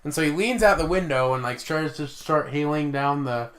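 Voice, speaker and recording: A man co-hosting a casual podcast, talking through a movie's plot in a loose, halting way with lots of fillers. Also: a little high, fairly bright tone. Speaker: podcast co-host. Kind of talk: casual movie recap chat.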